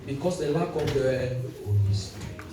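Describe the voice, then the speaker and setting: A man, preaching a sermon with call-and-response and sudden shouts. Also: mid-range voice, expressive, moderate pace, background noise. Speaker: pastor. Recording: echoey hall, distant mic, music behind.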